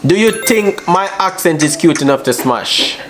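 Brash, slangy man with a fairly high voice, teasing strangers on a noisy phone video call. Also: expressive, moderate pace. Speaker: vlogger on a video chat app. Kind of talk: casual banter with strangers. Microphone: phone on a video call app.

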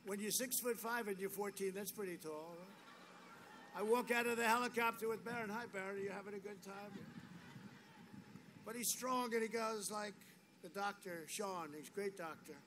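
At a noisy outdoor rally, a political speaker addresses the crowd in a voice that sits high, at a moderate pace. He rambles and boasts, repeating himself and wandering into asides.

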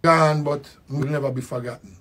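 An older man with a Jamaican accent giving a slow, reflective spoken tribute, repeating his phrases. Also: fairly high pitch, steady tone, fairly bright tone. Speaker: musician.

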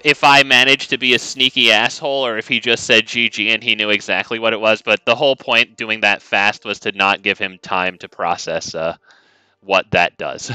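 A man's voice: lowish voice, pushed and bright, clear, resonant tone, dry recording, rough recording. A man streaming a card game, chatting casually with viewers in a joking, sarcastic, rambling way. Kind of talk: casual gameplay commentary.

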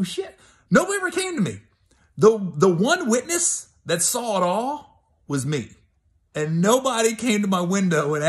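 Chatty middle-aged comedian telling a story. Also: male voice, sits high. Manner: loose, chatty, laughing between bits. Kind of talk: comic storytelling.

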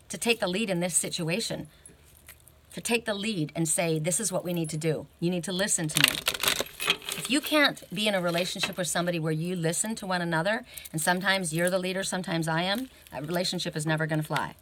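A woman's voice: lowish voice, quick pace, a bit bright. A woman giving an oracle card reading in a casual, rambling way, often thinking aloud and tagging her points with a questioning "right?".

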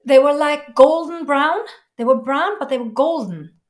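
Speaking in a high pitch, this interviewee recounts something personal with heartfelt emotion. Her telling is sincere but halting, with frequent restarts.

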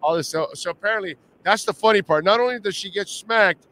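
A sports radio host from Miami with a Miami accent, pitched a bit high for a man. He talks loosely and animatedly, with slang and restarts. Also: big pitch swings, normal speed, hardly any pauses, fairly bright tone, slight background noise. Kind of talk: casual sports talk.

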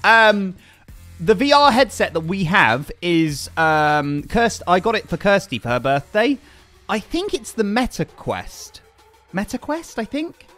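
A young man streaming a game in a high, bouncy voice that swings up and down a lot. He chats excitably with viewers and thanks donors as he plays, with faint music behind him. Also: unhurried. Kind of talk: casual live-stream chat while gaming.

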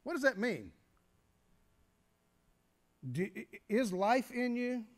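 A very animated pastor with a very high-pitched voice preaches a teaching sermon, breaking his explanation into steps. He often stops with fillers and starts his phrases over.

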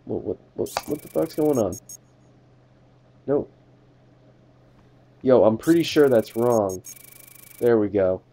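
A man's voice: medium pitch, animated, slow, long pauses, warm tone. A young man giving casual, jokey game commentary, talking to the characters as a border inspector and swearing now and then. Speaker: gamer doing a let's play.

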